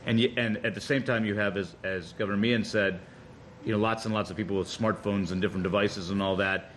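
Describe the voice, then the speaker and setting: A man on a board, speaking in a meeting in a conversational, halting way with repeated words. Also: lowish voice, fairly even intonation, fairly bright tone, a little hiss or hum. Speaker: board member.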